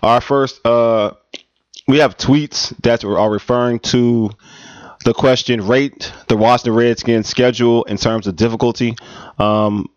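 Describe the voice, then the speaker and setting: A man's voice: mid-range voice, fairly even intonation, unhurried, dry recording. A man co-hosting a casual sports radio show, joking and laughing often. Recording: dull, lo-fi radio recording.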